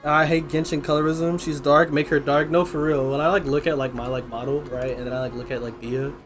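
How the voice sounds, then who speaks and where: A woman streamer giving casual, profane, excitable commentary packed with fillers while she plays. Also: low voice, brisk, over music.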